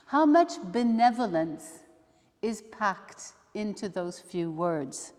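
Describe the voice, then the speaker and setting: A woman, a religious sister, leading a study day, talking slowly and thoughtfully with soft asides as she reads aloud. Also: mid-range voice, very animated. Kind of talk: reflective teaching talk with readings. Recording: long hall reverb.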